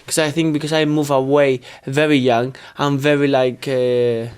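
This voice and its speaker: A man's voice: medium pitch, flat delivery, moderate pace, clean tone. A young man with a Spanish accent, Spanish his first language, co-hosting a casual podcast chat and often hunting for words with restarts. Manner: searches for words, many restarts and fillers. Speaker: podcast co-host.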